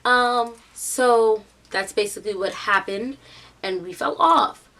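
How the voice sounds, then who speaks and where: A woman's voice: fairly high pitch, takes it slowly, vocal fry. A young woman with a New York accent telling a story casually, full of "like" and "um", bringing the people in it to life. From United States. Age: young adult. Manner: chatty, animated storytelling with quoted voices; many fillers like "like" and "um". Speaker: vlogger.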